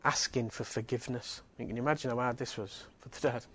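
A man's voice: medium pitch, steady tone, fast, a bit bright, husky. A man preaching a sermon, his voice sitting in an ordinary middle register. He speaks earnestly and emphatically. He hammers his points home through repetition.

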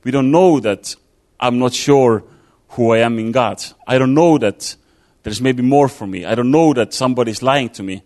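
A man's voice: medium pitch, normal speed, few pauses, a little mellow. A man giving an informal sermon, talking it through casually with fillers and restarts. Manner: conversational, thinking aloud with fillers and restarts. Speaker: preacher.

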